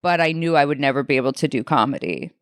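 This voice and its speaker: Animated young woman telling stories. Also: rumbling low, fast, clean tone, dry recording. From Alaska. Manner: animated, swearing, acts out quotes in other voices. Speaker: comedian guest. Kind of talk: casual interview storytelling.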